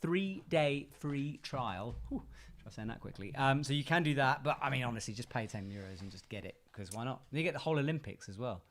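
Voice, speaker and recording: A man's voice: medium pitch, expressive, brisk. Chatty man on a livestream. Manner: chatty, jokey, reads out viewer comments. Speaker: co-host of a livestream. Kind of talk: casual live watch-along commentary.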